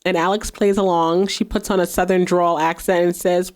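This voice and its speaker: A woman hosts a podcast, casually recapping an episode in a chatty way, laughing often and acting out the characters' lines. Her voice is fairly low and a little mellow, with fairly even intonation, a moderate pace and hardly any pauses.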